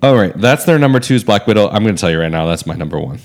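A man co-hosting a casual podcast chat, making dry deadpan jokes. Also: fairly low pitch, very fast. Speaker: podcast co-host.

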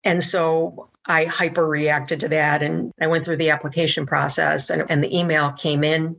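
A woman answering interview questions, recounting her experience with earnest feeling. Her voice is bright, with a gravelly rasp at the bottom, and her pitch stays quite even. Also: moderate pace. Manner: earnest, heartfelt. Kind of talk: reflective conversational storytelling.

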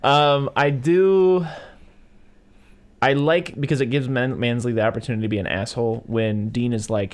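Laid-back man recapping a movie. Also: mid-range voice. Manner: animated, acts out movie characters in quick put-on voices. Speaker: podcast co-host. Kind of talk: casual movie recap chat.

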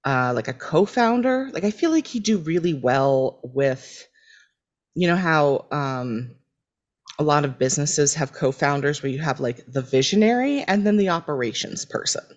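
A woman's voice: low voice, expressive, normal speed, muffled recording. A woman co-hosting a podcast, thinking aloud in casual chat about a TV episode. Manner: reflective, thinks aloud with fillers. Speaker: podcast co-host.

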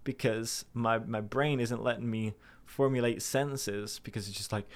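A man's voice: steady tone, normal speed. Rambling, self-deprecating young man. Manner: rambling and self-deprecating, with frequent restarts and swearing; puts on anxious inner voices in a sudden high pitch. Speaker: vlogger. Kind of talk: candid personal monologue to camera.

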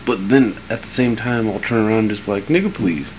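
A man's voice: on the low side, fairly even intonation, quick pace, a little mellow, a little hiss or hum, rough recording. A man co-hosting a casual podcast, joking and laughing a lot, with casual swearing. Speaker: podcast co-host. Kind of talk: casual chat.

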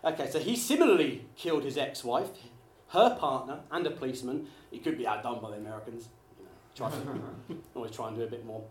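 A man doing a live stand-up routine, chatty and quick with apologetic asides to the crowd. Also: mid-range voice, lively intonation, slight background noise. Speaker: stand-up comedian. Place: small theatre studio with a live audience. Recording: echoey live room, faint ambience.

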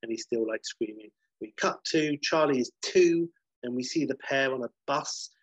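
A man, casually pitching and reading out a film script, rambling and correcting himself as he goes. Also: husky, no echo, muffled recording. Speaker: podcast host pitching a film idea.

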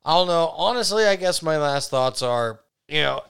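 A man's voice: fairly high pitch, animated, normal speed, creaky, a bit bright, smooth. A man co-hosting a podcast in casual chat, dropping wry, joking asides. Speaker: podcast co-host.

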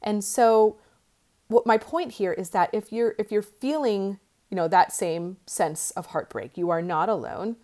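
A woman's voice: mid-range voice, measured pace, a little mellow. A woman coach speaking to her listeners in a conversational, encouraging way, with many fillers. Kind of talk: podcast monologue.

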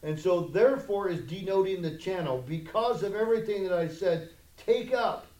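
A male pastor preaching a conversational sermon that swells into loud, emphatic challenges, in a church sanctuary. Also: sits high, moderate pace. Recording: echoey room.

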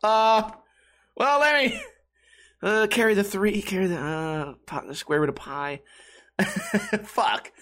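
A man's voice: high voice, slow pace, long pauses, pushed and bright. A young man chatting casually to his viewers, laid-back and jokey, swearing often and calling people dude. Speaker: YouTuber. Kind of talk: casual rambling chat to viewers.

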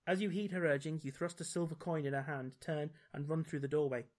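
A man's voice: on the high side, fairly even intonation, fairly quick, few pauses. A man reading a gamebook aloud as podcast host, dropping dry, wry asides. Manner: dry, wry commentary between read passages.

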